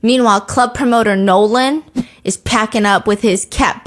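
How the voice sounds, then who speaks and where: A woman's voice: a little high, normal speed. A woman hosting a podcast, recapping a show in a casual, jokey way and acting out its quotes. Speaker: podcast host. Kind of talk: casual comedic recap chat.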